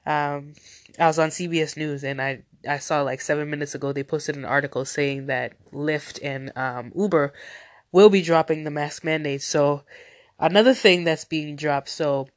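A woman's voice: sits low, moderate pace, dry recording, clean studio sound. A woman with a nasal, stuffy voice, hosting a casual solo news podcast in a rambling, chatty way with many fillers. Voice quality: nasal from a cold. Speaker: podcast host.

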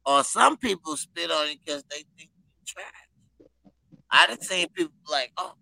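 A man's voice: on the high side, lively intonation, normal speed, gravelly, sharp tone, dry recording, rough recording. A man in casual group chat, blunt and joking.

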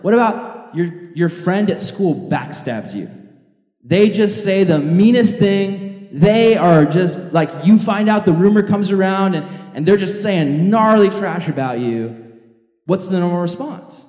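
A man preaching a sermon in a loose, energetic storytelling way, recorded in a large hall. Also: high voice, unhurried. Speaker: pastor. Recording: echoey hall reverb.

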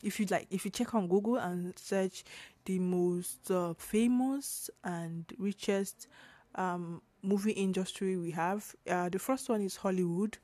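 A young woman from Nigeria hosting her own podcast, slightly hoarse, talking in a rambling, chatty way with fillers and self-corrections. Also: mid-range voice, fairly even intonation, measured pace, mellow, dry recording. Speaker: podcast host. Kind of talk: casual solo podcast talk.

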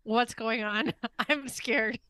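A woman co-hosting a podcast, reacting quickly and laughing in casual chat. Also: on the high side, pushed and bright, clear, resonant tone, dry recording. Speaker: podcast co-host.

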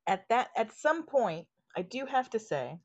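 A woman's voice: fairly high pitch, very animated, measured pace, darkish tone. A woman in casual spiritual chat, talking with emphasis, swearing casually and acting out inner voices. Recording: dull lo-fi sound.

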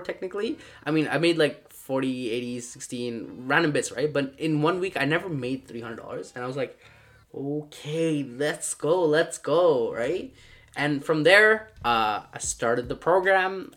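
A man's voice: medium pitch, fairly bright tone. A young man casually telling a personal story, full of fillers like "like" and acting out voices in quotes. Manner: rambling, filler-heavy, acts out quoted dialogue.

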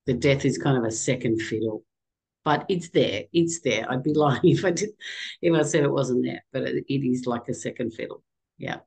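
A middle-aged woman as an interview guest, telling a personal story in a halting, emotional way with many restarts. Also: extremely low pitch, vocal fry, a little mellow, husky, low-quality recording.

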